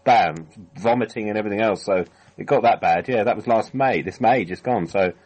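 A man's voice: on the low side, fairly quick, poor audio. A British man as a guest in a casual chat, telling stories in a meandering way. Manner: lively, meandering storyteller.

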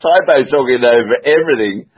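A man's voice: mid-range voice, animated, a little fast. A man with an Australian accent rambling through stories in a casual group voice call, laughing as he goes. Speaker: call participant. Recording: dull lo-fi call audio.

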